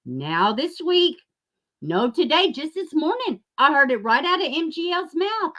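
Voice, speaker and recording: A fired-up woman with a drawl, ranting profanely into the camera. Her fairly high voice leaps up and down as she mocks her targets, sometimes dropping into a sneering whisper. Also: big pitch swings, unhurried. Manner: angry, profane, sarcastic, swings between loud outbursts and mocking asides; drops into a mocking whisper. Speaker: YouTube commentary host. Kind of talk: ranting commentary.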